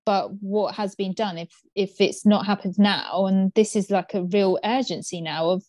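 A woman's voice: mid-range voice, fairly even intonation, moderate pace, darkish tone, no echo. Earnest, conversational woman. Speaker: podcast co-host. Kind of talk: casual podcast chat.

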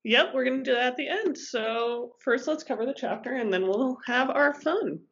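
A woman's voice: sits high, moderate pace, a bit bright, breathy edge. A young woman co-hosting a podcast, bubbly and giggly in casual chat. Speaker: podcast co-host. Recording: dull lo-fi podcast mic.

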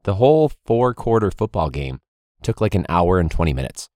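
A man's voice: sits low, sing-song, normal speed, darkish tone, no room sound, studio quality. A man who is a teacher and football coach hosting a casual podcast, ranting with heavy swearing and frequent laughs.

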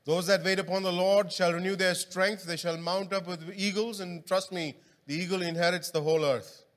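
Steady in tone and high-pitched, this preacher talks at a moderate pace in a church hall, keeping his sermon conversational and drawing in the congregation with questions. A long reverb trails his words.

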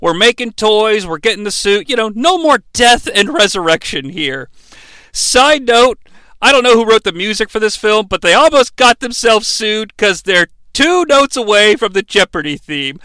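A man riffing sarcastically through a bad movie in a lively, profane comedic review. His voice is high and bright, and it swings a lot in pitch. It is recorded close in a dry space. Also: moderate pace, clear, resonant tone, no room sound.

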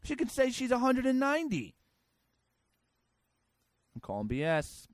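A man's voice: very high-pitched, huge pitch swings, unhurried, no echo. A man hosting a comedy show, reading out news stories and ranting about them in a sarcastic, crude way. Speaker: podcast host.

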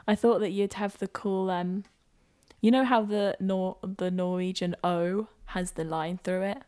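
A woman's voice: mid-range voice, fairly even intonation, measured pace, warm tone, clean tone. A woman co-hosting a casual podcast, chatty and playful, rambling through her thoughts. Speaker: podcast co-host. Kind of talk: casual chat.

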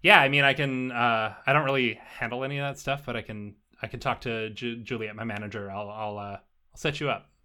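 Casting note: a drawling, unbothered rocker girl, voiced by a man, bright tone. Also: medium pitch, steady tone, a little fast, clear, resonant tone. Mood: laid-back. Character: cool laid-back female rock musician.

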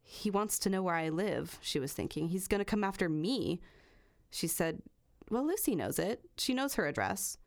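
A woman's voice: on the low side, very animated, moderate pace. A woman hosting a true crime podcast, reading a long passage aloud and then chatting casually, swearing freely. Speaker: podcast host.

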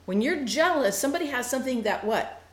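A woman teaching a Bible study, animated and playful, acting out quoted lines with quick asides. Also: high voice, reverberant.

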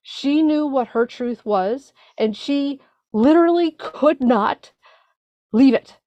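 A woman's voice: high voice, animated, warm tone, dry recording. Earnest woman sharing, dull dry audio. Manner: earnest, halting, searching for words. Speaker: recovery group speaker. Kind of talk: personal sharing at a meeting.

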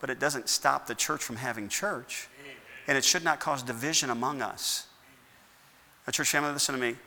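Speaking at a normal speed, a man from the United States preaches as pastor in a church sanctuary, his mid-range voice bright and forceful. Rhetorical questions come one after another, building into emphatic bursts, and the hall's long reverb lingers on every line.

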